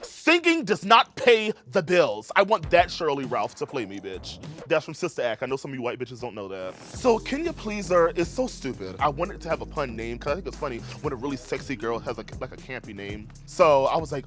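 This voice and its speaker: A man's voice: medium pitch, very animated, a little fast, hardly any pauses, fairly bright tone, faint music behind. A man from South Carolina, a drag queen contestant, talking in a sassy, campy confessional interview with a big announcer voice and bits of sing-song.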